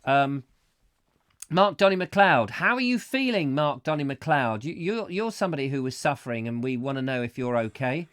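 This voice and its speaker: A man's voice: medium pitch, sing-song, moderate pace, a bit bright, clear, resonant tone, no echo, studio quality. A man hosting a live call-in chat show, rambling and chatty, with lots of ums as he reads out comments. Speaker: host.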